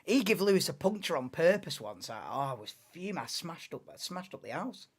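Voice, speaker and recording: A man in his late twenties, hosting a live race watchalong in an excitable, rambling, chatty way. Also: fairly high pitch, a little fast, breathy edge. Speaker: livestream host.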